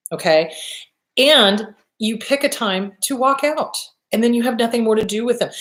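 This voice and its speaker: A woman hosting a live advice talk, answering viewer questions in a blunt, emphatic way and swearing casually. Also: a little high. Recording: roomy echo.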